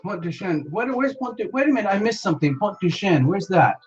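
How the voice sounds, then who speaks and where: The livestream host talks fairly quickly in a mid-range voice, with lo-fi sound and faint music in the background. Casual and excitable, the host calls out viewer names with frequent exclamations while rushing to stay on top of the chat.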